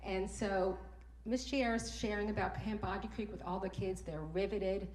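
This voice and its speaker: A woman's voice: mid-range voice, steady tone, moderate pace, darkish tone. A middle-aged woman giving a heartfelt personal talk at a morning event, emotional and repeating words when she is moved. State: tearful at times. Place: event room. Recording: echoey room.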